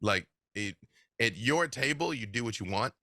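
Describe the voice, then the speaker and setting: Animated man with a bright, dry voice. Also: mid-range voice, moderate pace, no room sound. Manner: animated storyteller, laughs often. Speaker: guest game master. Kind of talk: casual interview chat.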